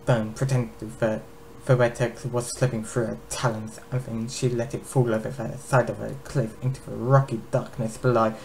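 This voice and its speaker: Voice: medium pitch, little pitch movement, moderate pace, darkish tone, poor audio. A narrator giving an amateur dramatic reading of a fantasy novel in plain storytelling delivery. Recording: faint background noise.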